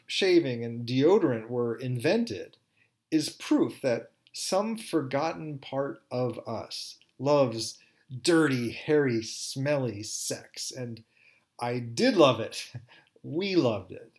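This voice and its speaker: Man telling a wry first-person story. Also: mid-range voice. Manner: wry, candid, conversational.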